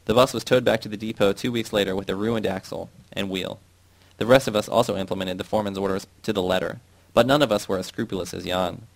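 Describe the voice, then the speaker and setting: A man reading a novel aloud in a steady, measured way. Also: lowish voice, creaky, dry recording. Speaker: audiobook reader.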